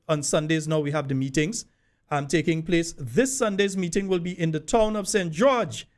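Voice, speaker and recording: Chatty radio host, man. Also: on the high side. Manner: chatty, loose, many fillers. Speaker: radio talk show host. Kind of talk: casual live radio chat.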